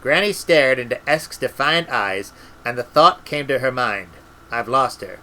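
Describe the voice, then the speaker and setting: A man reading a story aloud in a relaxed way, with restarts and little asides. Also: mid-range voice, unhurried, low-quality recording. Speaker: audiobook reader.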